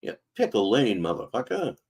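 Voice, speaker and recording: A man's voice: on the low side, sing-song, moderate pace, darkish tone, husky. A man hosting a commentary show, making dry, sarcastic asides.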